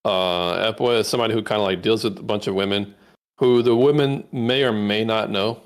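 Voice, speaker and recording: A man's voice: on the low side, fairly even intonation, a little fast, clean tone. Blunt, opinionated man co-hosting. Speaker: co-host reacting to a video. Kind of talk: casual chat.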